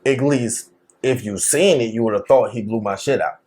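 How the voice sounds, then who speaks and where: A man telling a wild story in casual chat, slangy and animated, laughing often and acting out the quotes. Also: medium pitch, moderate pace. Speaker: podcast co-host telling a story.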